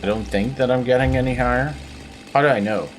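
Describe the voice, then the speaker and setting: A man's voice: mid-range voice, quick pace, soft background music. A man with a Belfast accent giving rambling, self-mocking commentary while playing a video game. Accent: Northern Irish, Belfast. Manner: rambling, self-mocking, bursts into silly noises. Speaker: game streamer. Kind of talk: gameplay commentary.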